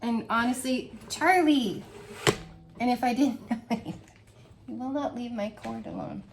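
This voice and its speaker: A woman's voice: fairly high pitch, very animated, unhurried, vocal fry, long pauses, a little hiss or hum. A woman chatting casually in a home review video, gushing and laughing often as she describes her favorite scents. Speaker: wax melt reviewer. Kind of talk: casual product review vlog.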